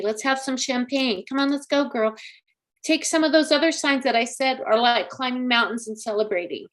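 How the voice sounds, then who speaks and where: Middle-aged woman psychic on a live stream, higher voice, warm, coaxing, chatty tone. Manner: chatty, coaxing, calls viewers honey and girl. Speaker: psychic medium. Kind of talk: live-stream astrology reading.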